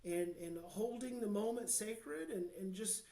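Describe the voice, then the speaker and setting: Passionate American male guest expert, earnest, hushed-to-emphatic delivery, echoey room. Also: sits high, expressive. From United States. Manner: passionate, slows down to near-hushed then swells with emphasis. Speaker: guest, child behavior expert. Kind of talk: podcast interview, earnest advice.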